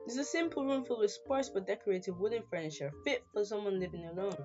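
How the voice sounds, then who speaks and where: A woman's voice: mid-range voice, highs cut off. A woman reading a visual novel aloud as she plays it, breaking off for playful asides. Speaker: gamer.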